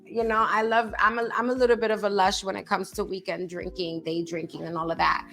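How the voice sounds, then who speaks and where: A woman's voice: mid-range voice, level tone, brisk, a bit bright, faint music behind. A woman in her thirties co-hosting a casual chat, candid and profane, with lots of fillers and emphatic asides. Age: 30s. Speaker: podcast co-host.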